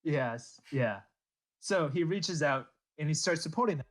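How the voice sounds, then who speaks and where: A man's voice: a little high, measured pace. A man hosting a casual history podcast, telling the story with jokes and laughing along. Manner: lively storytelling with comic character voices and laughs. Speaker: podcast host narrating history.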